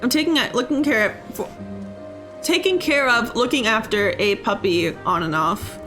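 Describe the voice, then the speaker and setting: A woman's voice: on the high side, normal speed, a bit bright, faint music behind. A woman game streamer chatting casually and rambling about her day while she plays. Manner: chatty, self-mocking, rambling. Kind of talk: casual chat while gaming.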